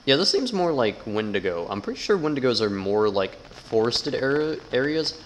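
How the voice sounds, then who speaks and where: A man's voice: medium pitch, very animated, normal speed, a little hiss or hum, rough recording. A man giving casual, sarcastic gameplay commentary, swearing a lot and reading game text aloud. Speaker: gamer.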